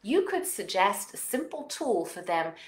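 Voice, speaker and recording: A woman with a non-native English accent leads a self-help lesson on parenting. She coaches listeners through exercises with a lively, rising and falling voice. The room around her rings with echo. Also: medium pitch, unhurried. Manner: expressive, coaching, with call-and-repeat affirmations.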